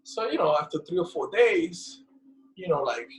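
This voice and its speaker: Man, New York accent, casual interview storyteller, slightly high voice, very lively pitch, acts out characters. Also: normal speed, a little hiss or hum, low-quality recording. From the Bronx, New York. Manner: animated, acts out the people in his stories with loud high voices. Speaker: guest.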